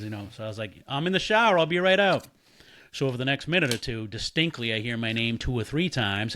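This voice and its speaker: A man casually telling a story, animated and swearing freely while he acts out the voices of the people in it. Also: mid-range voice, slight background noise. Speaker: podcast guest.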